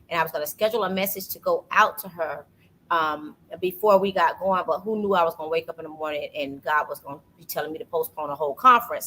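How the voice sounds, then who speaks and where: A woman hosting a casual faith talk, telling a personal story with lively energy and acting out what people said to her. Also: lowish voice, a little hiss or hum, poor audio. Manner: animated storytelling, acts out quoted voices. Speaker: podcast host. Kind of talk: casual faith testimony chat.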